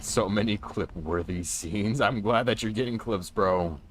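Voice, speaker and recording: A man streaming a game and chatting casually, getting panicky and excitable and repeating himself in bursts. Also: on the low side, measured pace, slight background noise. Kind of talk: casual gaming livestream chat.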